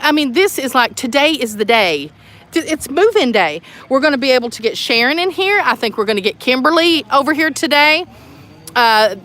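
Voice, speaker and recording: A woman, chatting excitedly and rambling as host of a casual outdoor livestream at a building site. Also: high-pitched. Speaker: tiny home community host.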